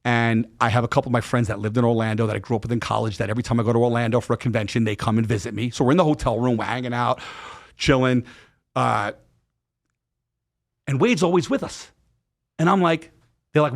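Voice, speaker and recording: A middle-aged man appearing as a podcast guest talks fast in a medium-pitched voice with vocal fry. He tells a candid story in an animated way, heavy on slang and swearing, acting out what people said.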